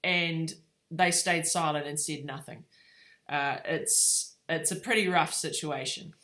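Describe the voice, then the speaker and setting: A woman with a slightly low voice gives a relaxed devotional talk, speaking as a mother. She tells a family story with plenty of ums and uhs. The tone stays informal and conversational. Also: slow.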